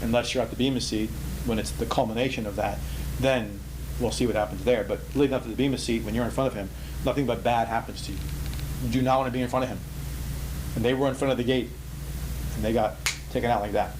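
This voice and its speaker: A man teaching a Bible study, acting out the characters with excited exclamations. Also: mid-range voice, fast talker, pauses often, noisy background.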